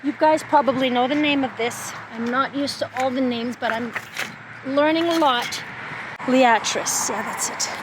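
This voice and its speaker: Chatty woman with a slightly high voice. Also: a little slow, noisy background. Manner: chatty, thinking aloud about plant names. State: out of breath from the heat. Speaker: gardening vlogger. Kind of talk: casual vlog chat. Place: outdoors, at a garden center and in her backyard.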